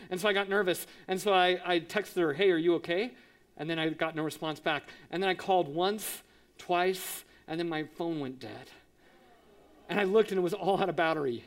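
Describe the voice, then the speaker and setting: High-voiced man telling a sermon story. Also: fairly quick. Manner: animated, acts out quotes with sound effects. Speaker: pastor.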